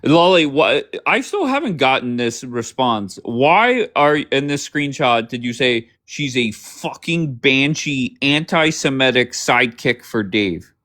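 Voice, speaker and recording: A man's voice: mid-range voice, very animated, a bit bright. Man, livestream host, confrontational, swears a lot, fires off questions. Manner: blunt, swearing, grilling guests with rapid questions.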